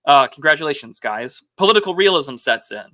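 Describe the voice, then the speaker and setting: A man hosts a loose political chat, thinking out loud and firing off rhetorical questions. His voice sits a touch high and rings very bright and clear. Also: animated, fairly quick. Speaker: podcast host.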